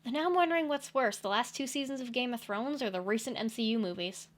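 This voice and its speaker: A woman's voice: fairly high pitch, fast. A young woman giving sarcastic, ranting comedic commentary on films and TV. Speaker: video essay commentator.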